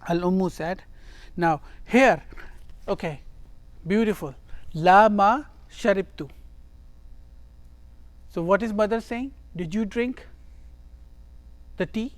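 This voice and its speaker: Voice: medium pitch, takes it slowly, long pauses, dry recording. A teacher giving a grammar lesson who reads each phrase, translates it and explains it step by step, often repeating words for emphasis.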